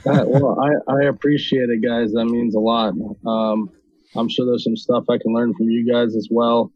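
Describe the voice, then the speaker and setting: Man from North Dakota, podcast guest, monotone and halting, dry lo-fi sound. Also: mid-range voice. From North Dakota, USA. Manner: hesitant, many ums and restarts. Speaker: podcast guest, video creator. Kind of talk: casual interview conversation.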